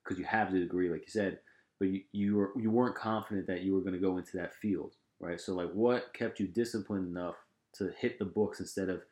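Laid-back deep-voiced host. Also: male voice, steady tone, a little fast, a little mellow, reverberant. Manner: laid-back, many fillers and restarts. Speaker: podcast host. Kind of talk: casual conversation.

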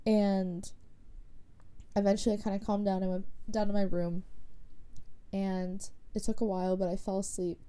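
A woman's voice: medium pitch, level tone, normal speed, pauses often, dark tone, clean tone. A young woman casually telling a personal story, rambling with lots of filler words. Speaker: podcast host.

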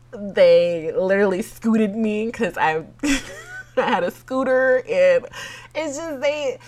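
A woman hosting a solo podcast in an easy, unhurried voice of middle pitch. She is openly emotional and chatty, laughing between thoughts and talking straight to her listeners. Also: lively intonation, a little mellow. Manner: chatty and openly emotional, fighting back tears. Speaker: podcast host. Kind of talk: casual solo podcast chat.

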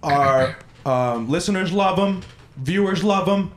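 Loud, excitable man hosting a podcast. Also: high-pitched, slow pace. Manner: loud, excitable, swears a lot. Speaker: podcast host. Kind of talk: casual chat. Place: podcast studio.

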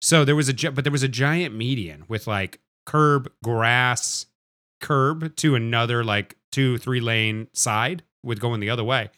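A man's voice: mid-range voice, a little slow, bright, forceful tone, no room sound, studio quality. A man co-hosting a podcast, telling a rambling anecdote in casual chat. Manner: rambling anecdote with quoted voices. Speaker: podcast co-host. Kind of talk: casual storytelling.

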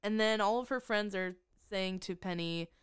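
A woman co-hosting a podcast in casual chat, recapping a show with sarcastic, exasperated asides and quick laughs. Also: mid-range voice, clear, resonant tone, no echo, studio quality. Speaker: podcast co-host.

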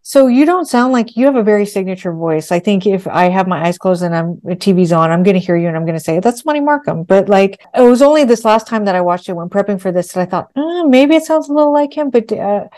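Female podcast host, warm mellow tone, chatty and curious. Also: mid-range voice, fast talker, few pauses. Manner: chatty, thinks aloud with fillers. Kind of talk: casual interview questions.

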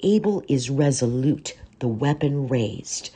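Narrator: earnest, measured woman, very low and husky. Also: lively intonation, mellow. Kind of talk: first-person story reading.

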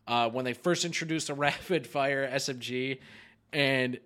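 A young man in casual podcast chat, an animated storyteller who swears often and laughs mid-sentence. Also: mid-range voice, normal speed. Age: young adult. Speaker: podcast host.

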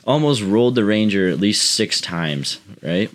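A man's voice: fairly low pitch, animated, a little slow. A man casually telling a rambling, profane story to friends as a podcast co-host.

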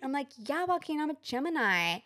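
Lively young woman telling a story. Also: high-pitched, fairly quick. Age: 20s. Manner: animated storyteller, acts out quoted voices. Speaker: podcast co-host. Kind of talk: casual chat.

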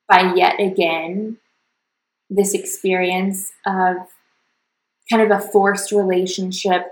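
Woman on her podcast, earnest confessional storytelling, gravelly fry, kinda echoey room. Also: medium pitch, fairly bright tone. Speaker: podcast host. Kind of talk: personal storytelling monologue.

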